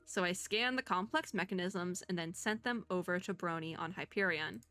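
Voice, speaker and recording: Bright, chatty young woman gaming. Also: lowish voice, normal speed, dry recording. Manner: chatty, thinks out loud, reads game text aloud. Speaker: VTuber gamer. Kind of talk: casual gameplay commentary.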